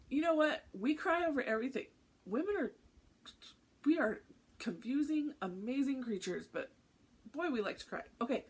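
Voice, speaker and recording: A woman's voice: high voice, animated, a little slow. A woman hosting a cross-stitch vlog in casual chat, candid and heartfelt, often laughing. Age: adult with a teenage son.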